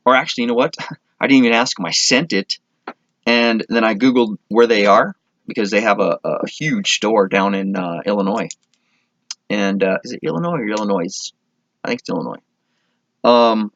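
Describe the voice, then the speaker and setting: A man from Minnesota talks casually to his camera, rambling along, correcting himself and enthusing as he goes. His voice sits at a middle pitch. The sound is close and dry, with a dull, lo-fi tone. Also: fairly bright tone, no room sound. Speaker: vlogger.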